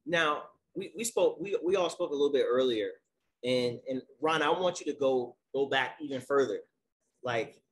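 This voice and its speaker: Upbeat man hosting a live chat. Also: medium pitch. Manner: energetic, playful hype when introducing guests. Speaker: host. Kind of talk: casual live podcast conversation.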